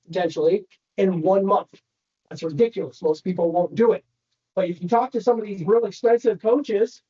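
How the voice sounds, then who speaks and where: High, mellow man giving a lively training talk. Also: muffled recording. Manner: animated storytelling, addresses the crowd directly. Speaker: real estate speaker. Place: training center room.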